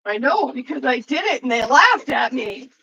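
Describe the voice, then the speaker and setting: A woman's voice: high-pitched, very animated, normal speed, creaky, bright, forceful tone, breathy edge. A woman from Canada, chatting casually with her stream viewers and swearing freely, her talk full of "like". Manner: profane, rambling, fillers of "like".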